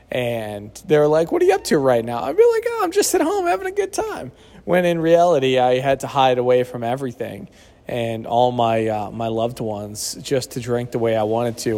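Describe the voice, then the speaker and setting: A man's voice: mid-range voice, a little mellow. A man co-hosting a casual podcast, speaking candidly and reflectively, sometimes searching for words. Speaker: podcast co-host. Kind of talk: casual recovery podcast chat.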